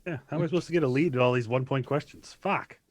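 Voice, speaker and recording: A man's voice: medium pitch, very fast. A man in his late twenties competing in a casual trivia game, grumbling about the questions with heavy swearing. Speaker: quiz contestant. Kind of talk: casual profane banter.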